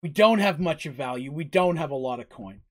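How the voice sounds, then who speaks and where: A man's voice: on the high side, lively intonation, fairly quick, lightly acted. A man voicing a nervous, stammering village innkeeper who pleads anxiously.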